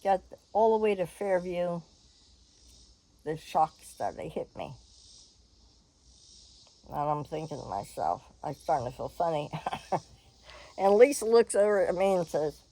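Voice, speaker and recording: An older woman telling a personal story in a frank, animated way, laughing and swearing freely. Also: on the low side, measured pace, pauses often, low-quality recording.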